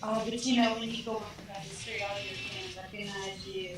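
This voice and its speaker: A woman's voice: mid-range voice, fairly even intonation, brisk, a bit bright. Teasing woman in a roomy echo. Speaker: stream co-host. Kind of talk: playful banter.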